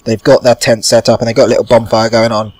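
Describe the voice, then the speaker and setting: A man's voice: mid-range voice, flat delivery, quick pace, darkish tone. A man giving casual gameplay commentary, rambling and chatty and swearing now and then. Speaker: gaming channel host.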